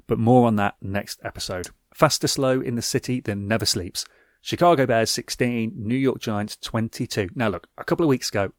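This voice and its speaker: A man's voice: fairly low pitch, no room sound. A man hosting a podcast, reading a scripted football recap with wry, dry asides. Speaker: podcast host.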